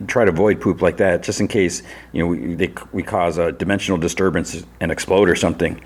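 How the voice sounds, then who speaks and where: Recapping a TV episode for his podcast, a man with a deep voice tells the story in a loose, casual way. He uses lots of fillers such as "like" and "you know," and raises his voice when performing the characters' lines.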